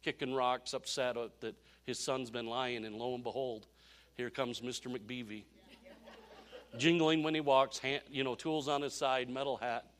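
A man preaching a sermon, telling a story in an animated way and often repeating phrases. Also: mid-range voice, moderate pace. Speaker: pastor.

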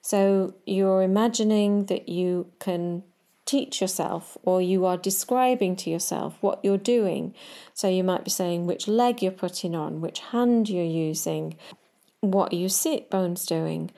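A woman coaching riders in a podcast, speaking slowly and calmly. Her voice is mellow and warm, and her advice is measured and direct. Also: mid-range voice. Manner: calm, measured coaching, talking straight to the listener. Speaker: riding coach.

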